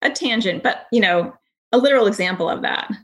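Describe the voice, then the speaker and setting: A woman in her thirties, a podcast host telling a story in a chatty, animated way with lots of fillers. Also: mid-range voice, fairly quick, rough recording. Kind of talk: casual conversational storytelling.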